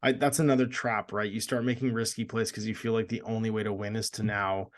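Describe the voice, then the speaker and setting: A man from Canada co-hosting a casual gaming podcast, animated and laughing often as he acts out quoted lines. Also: lowish voice, quick pace. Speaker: podcast co-host.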